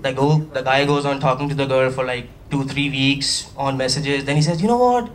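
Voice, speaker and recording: A man from Pakistan doing a chatty, animated stand-up routine, with playful asides to a live audience. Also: mid-range voice, normal speed, far from the mic, a little hiss or hum. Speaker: stand-up comedian. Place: comedy stage before a live audience.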